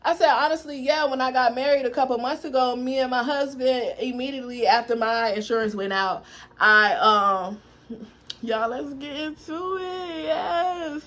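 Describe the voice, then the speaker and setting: A young adult woman telling a dramatic personal story to her viewers in a lively, animated way. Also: fairly high pitch, moderate pace. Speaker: vlogger. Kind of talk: storytime vlog.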